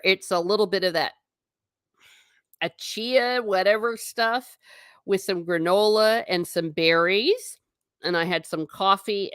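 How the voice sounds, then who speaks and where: A woman's voice: fairly low pitch, a bit bright, dry recording, clean studio sound. A woman vlogger chatting casually with her viewers, giggly and self-mocking. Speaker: travel vlogger reading live chat. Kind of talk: casual live-stream chat.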